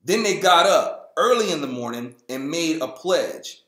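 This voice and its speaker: A man reads scripture in a relaxed, joking way and slips into silly voices for the people in the story. His voice is a little high and swings all over the place in pitch. The sound has a roomy echo. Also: measured pace. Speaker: host. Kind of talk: casual Bible reading with comic asides.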